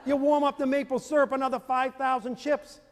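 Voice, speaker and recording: A man's voice: very high-pitched, brisk. A man giving a motivational lecture to parents and teachers, telling stories animatedly and acting out scenes. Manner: animated storytelling, acts out scenes with audience volunteers. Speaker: speaker on self-esteem for parents and teachers. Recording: long reverb of a large hall.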